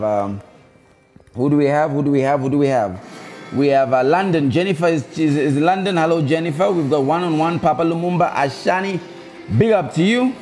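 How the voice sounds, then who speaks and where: A man's voice: fairly high pitch, a little mellow. A man hosting a live stream, chatting casually with viewers and repeating his calls to them. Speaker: live show host.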